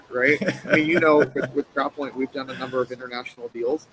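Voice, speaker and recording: A man telling a personal story as an interview guest in an earnest, halting way, full of fillers and restarts. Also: mid-range voice, fairly even intonation, noisy background. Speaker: guest, company co-founder and president. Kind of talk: conversational storytelling interview answer. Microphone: live stream mic.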